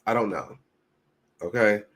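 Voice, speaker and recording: A man's voice: lowish voice, measured pace, fairly bright tone. A man hosting a casual commentary show, chatting to viewers as y'all and reading social media posts aloud. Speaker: commentary channel host.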